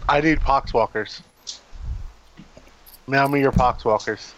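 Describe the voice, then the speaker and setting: A man's voice: mid-range voice, takes it slowly, a little hiss or hum, rough recording. A man joining a casual podcast as a guest, playful and joking.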